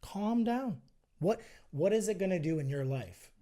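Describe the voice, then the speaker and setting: A health and fitness entrepreneur, appearing as a guest on a podcast, talks persuasively in casual conversation, acting out both sides of an argument. His voice is a little high, expressive and a little fast, with a dark tone.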